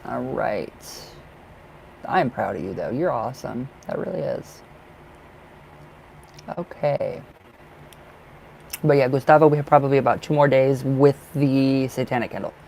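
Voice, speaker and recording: Male tarot reader, middle pitch with a gravelly rasp, effusive and chatty on a live stream. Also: unhurried, pauses often, darkish tone, a little hiss or hum, rough recording. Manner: effusive and affectionate, talks to viewers by name; chatty, laughs often, restarts sentences. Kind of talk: casual live-stream chat.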